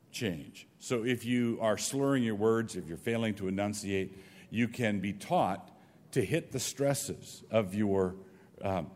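A man leading a workshop for teachers and taking questions, talking in a halting way with frequent restarts. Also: fairly low pitch, darkish tone. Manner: halting, restarts, thinks aloud. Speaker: teacher trainer. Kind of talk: workshop talk with Q&A. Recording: long reverb of a hall.

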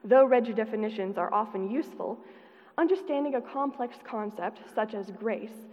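A woman's voice: on the high side, normal speed, a little mellow. Earnest young woman speaking in a hall. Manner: earnest, carefully paced delivery. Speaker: student speaker. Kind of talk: prepared conference speech. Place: conference hall. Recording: dull, reverberant hall sound.

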